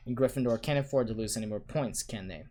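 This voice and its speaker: A man voicing a cold, sneering male schoolmaster who speaks slowly and smoothly, with quiet menace. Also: medium pitch, close to an everyday voice. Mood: menacing.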